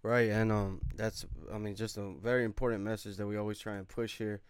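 A man with a smooth, resonant, fairly low voice hosting a podcast interview. He builds his questions slowly, pausing on fillers, and keeps the talk thoughtful and easygoing. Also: level tone, no room sound. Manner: measured, thoughtful, many fillers. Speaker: podcast host.

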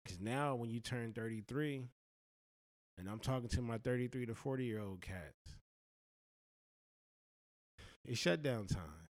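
A man's voice: medium pitch, moderate pace, darkish tone, no room sound. A man giving earnest, blunt life advice in a slangy, heartfelt monologue.

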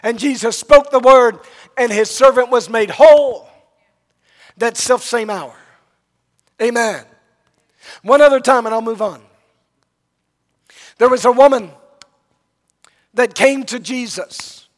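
Man, sermon, very high voice, dramatic storytelling, acts out the characters, long hall reverb. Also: slow pace, pauses often. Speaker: preacher.

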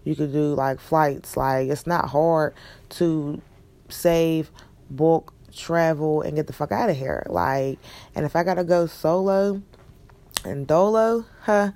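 Blunt, gravelly young woman ranting. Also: low-pitched, slow. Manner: blunt, profane, animated ranting. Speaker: vlogger. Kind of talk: casual ranting monologue.

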